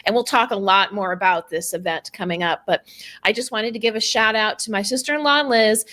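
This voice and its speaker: A woman co-hosting a podcast in casual chat, earnest and a bit halting as she talks. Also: mid-range voice, pushed and bright. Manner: earnest, with filler words and restarts. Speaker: podcast co-host.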